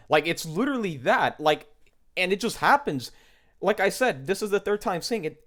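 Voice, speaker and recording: A man's voice: fairly high pitch, sing-song, normal speed, a bit bright. A young man from the United States ranting in a casual monologue, exasperated and swearing often as he mocks what others say. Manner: exasperated, swears often, mocking quoted voices. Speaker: commentator.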